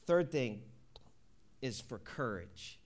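A man's voice: mid-range voice, big pitch swings, slow. A man preaching a conversational sermon, telling stories in a folksy way and acting out both sides of a conversation. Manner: folksy, repeats "you know".

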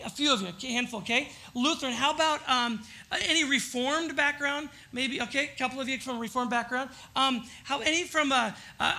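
A pastor preaches a loose, conversational sermon in a church sanctuary. The voice is bright and forceful at a middling pitch. They keep turning to the congregation with quick questions. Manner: chatty, polls the congregation with questions.

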